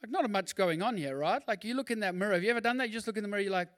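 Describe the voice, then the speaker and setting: High-voiced man preaching. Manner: animated, conversational preaching with quick asides and acted-out quotes. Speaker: pastor. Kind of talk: sermon.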